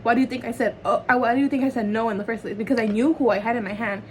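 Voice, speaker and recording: Teen girl, vlogger, get-ready-with-me chat, rambling and filler-heavy, slightly high voice, noisy background. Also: racing. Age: teens. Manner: rambling, chatty storytelling with constant fillers. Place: home, doing makeup. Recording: steady background noise.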